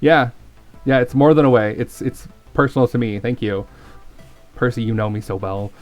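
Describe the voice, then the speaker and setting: A man's voice: mid-range voice, moderate pace, soft background music, natural voice. A man voicing an earnest, formal young male gamer who speaks in a heartfelt, solemn way.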